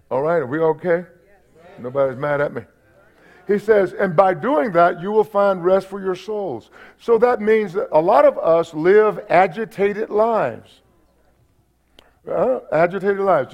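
On a dull, lo-fi church recording, a pastor preaches with humor and a folksy touch, circling back to his points and addressing the congregation in asides. His voice is high-pitched, gravelly and darkish, a little slow.

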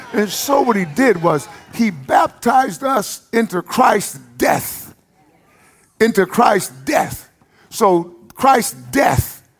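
Animated East Texas preacher man. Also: fairly high pitch. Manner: animated preaching with folksy humor and repetitions. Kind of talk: sermon.

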